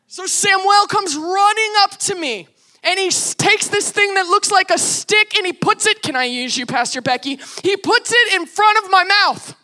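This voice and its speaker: Animated high-voiced woman preaching. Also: normal speed. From United States. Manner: animated, acts out quotes. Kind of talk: sermon storytelling.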